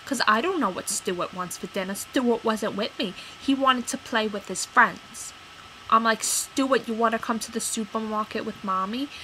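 A woman's voice: fairly high pitch, moderate pace, sharp tone, a little hiss or hum, rough recording. A woman playing a touchy, rambling mother who is proud of her Italian heritage, with lots of fillers and defensive outbursts in a comic character monologue. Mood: indignant. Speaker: character vlogger.

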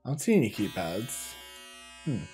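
A man's voice: fairly low pitch, very animated, moderate pace, darkish tone, faint music behind. A man casually commenting as he plays through a game, thinking aloud and reading the on-screen text with stumbles and restarts. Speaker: gaming video host. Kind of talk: casual let's-play commentary.

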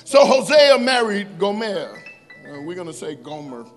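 A male pastor, preaching in church. He reads scripture slowly and with emphasis, and breaks off into joking asides to the congregation. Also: high-pitched, very animated, faint music behind. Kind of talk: sermon. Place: church sanctuary.

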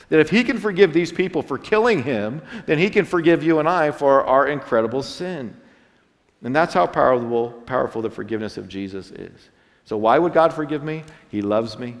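A male pastor preaching in a church sanctuary, his voice carrying a long hall reverb. He is earnest and dramatic, rising loud and dropping soft as he preaches. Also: mid-range voice. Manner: earnest preaching with dramatic swings in loudness and pace. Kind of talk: sermon.

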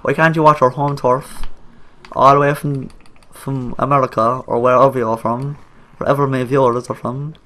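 A man's voice: mid-range voice, fairly even intonation, moderate pace, fairly bright tone. A young man with an Irish accent, rambling jokily over a video game he plays, talking back at the characters on screen and swearing a lot. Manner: coarse slang and swearing. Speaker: gaming YouTuber. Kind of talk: let's play commentary.

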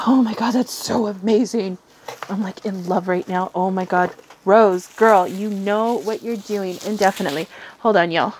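A young woman hosting a tarot channel, gushing over an unboxing with gasps and breathy excited whispers. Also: on the high side.

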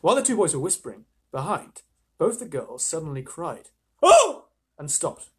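Lively man, husky edge, reading a kids' story with chatty asides. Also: on the high side, brisk. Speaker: storyteller, live reader. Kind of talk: reading a children's story aloud.

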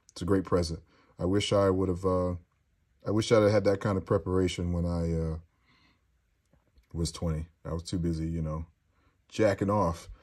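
A man's voice: fairly low pitch, darkish tone. A man casually chatting as a host while reading viewer comments, joking crudely and rambling. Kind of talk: casual livestream chat.

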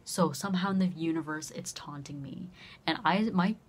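A young woman vlogger casually telling a story, animated and swearing freely as she acts out both sides of a conversation. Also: sits low, normal speed, slight background noise.

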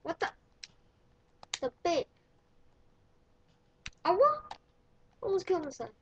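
Woman commentating a game, high voice, unhurried, excitable, dull lo-fi recording with faint hiss. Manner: excitable, shrieks and yells when in danger; playful, swaps swearing for mild words. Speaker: gameplay commentator. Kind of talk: casual gameplay commentary.

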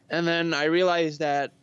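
Male guest, relaxed storyteller, slightly high voice, casual chat. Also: smooth, no echo, highs cut off. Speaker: podcast guest.

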